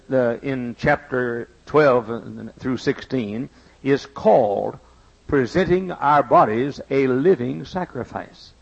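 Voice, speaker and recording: A man preaching a sermon, his voice gravelly with fry. He talks in a folksy, storytelling way and repeats his points for emphasis. The recording sounds dull and lo-fi. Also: mid-range voice.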